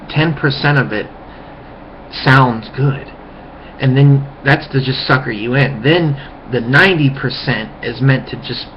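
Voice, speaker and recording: A man's voice: mid-range voice, slight background noise. A man in a heated, profane ranting monologue, recorded on a webcam microphone. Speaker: vlogger. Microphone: webcam mic. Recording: muffled lo-fi webcam audio.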